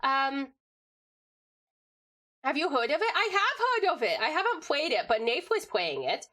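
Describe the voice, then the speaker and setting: A tiny baby tiger creature babbles in cutesy baby talk, voiced by a woman streamer. The voice sits high and squeaks, and it leaps up and down in pitch. The grammar breaks like a toddler's. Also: very animated, a little slow, pushed and bright, full character voice. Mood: playful. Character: baby version of her tiger-like creature persona.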